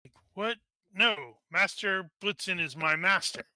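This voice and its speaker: A man's voice: high voice, a little slow, bright, forceful tone, no echo, pitched above the performer's own voice, full character voice. A man voicing a rude, surly young wizard's apprentice who talks in curt, dismissive bursts.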